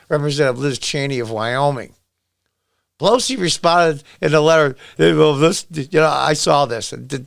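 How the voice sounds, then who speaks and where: A man's voice: a little high, gravelly, no room sound, clean studio sound. A middle-aged man reading a news article aloud and breaking off into angry, sarcastic rants at the people in it. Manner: angry, sarcastic, talks back at the article he reads. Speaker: political commentary vlogger. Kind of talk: ranting commentary while reading a news article.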